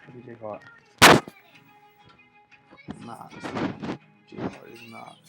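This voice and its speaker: Gravelly rowdy man filming a wake-up prank. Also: mid-range voice, level tone, slow, loud music behind the voice, low-quality recording. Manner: rowdy, taunting, repeats himself, swings between shouting and muttering. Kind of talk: loud profane teasing vlog. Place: apartment indoors. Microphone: handheld phone camera.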